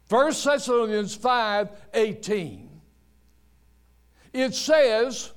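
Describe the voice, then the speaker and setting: A man's voice: high voice, very animated. A man preaching a sermon, telling stories and drawing out his words for emphasis. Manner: preaching with slow, drawn-out emphasis and storytelling. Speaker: pastor.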